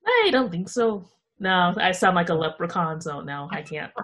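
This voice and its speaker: An American woman hosting a book podcast, friendly and quick to laugh, with intros and questions. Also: on the low side, lively intonation, a bit bright. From near Washington D.C., United States. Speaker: podcast host.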